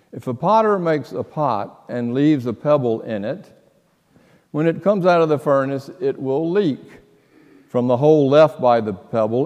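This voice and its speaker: A male pastor delivering a sermon at an unhurried, deliberate pace. His voice carries a long reverb from a church sanctuary. He tells stories dramatically, shifting between quiet hushes and loud outbursts. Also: medium pitch, dull audio. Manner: slow, dramatic storytelling with sudden loud outbursts and hushed passages.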